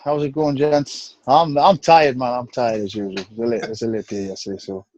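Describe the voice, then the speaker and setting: A man with a North East English accent, speaking frankly and easily as a guest on a podcast, often sinking into low, tired tones. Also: steady tone, fairly quick, a little mellow. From North East England. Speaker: guest bodybuilder. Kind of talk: casual podcast interview. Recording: dry, dull lo-fi sound.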